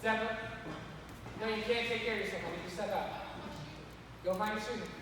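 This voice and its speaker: Lively male youth pastor, high bright voice; distant mic in a reverberant hall. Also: quick pace, crowd noise. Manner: energetic, acts out characters, calls kids by name. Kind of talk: animated Bible lesson for kids. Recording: echoey hall from far off.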